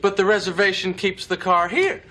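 An actor playing an exasperated customer, talking in a dry, sarcastic, lecturing way, in a sitcom clip. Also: male voice, high voice, lively intonation, brisk. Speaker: frustrated customer at a rental counter. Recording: clip with loud audience and noise. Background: studio audience laughter.

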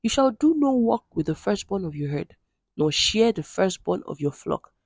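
Husky-voiced woman reading scripture aloud. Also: mid-range voice, big pitch swings, moderate pace, darkish tone, no echo. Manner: earnest, conversational asides between readings. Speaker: Bible devotional reader.

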